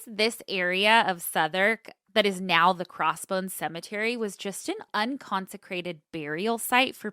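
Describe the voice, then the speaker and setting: A woman co-hosts a casual comedy podcast, leading a history segment with a chatty, bubbly delivery. Her voice rises and falls in lively swings, and the sound is close and dry with no room echo. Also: medium pitch, clean tone. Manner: bubbly storytelling with frequent laughs. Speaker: podcast co-host.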